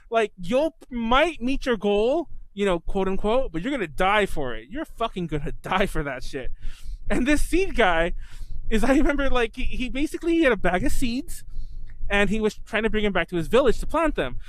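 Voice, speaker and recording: A man's voice: high voice, a bit bright, a little hiss or hum, poor audio. A man co-hosting a podcast in casual chat, retelling anime scenes with swearing and laughter. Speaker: podcast co-host.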